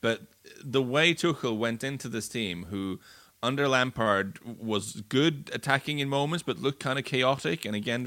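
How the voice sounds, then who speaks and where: A man's voice: medium pitch, fairly bright tone, no echo. A man breaking down football matches in a casual podcast chat, fluent but often restarting and repeating words. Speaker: football pundit. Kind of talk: casual sports podcast analysis.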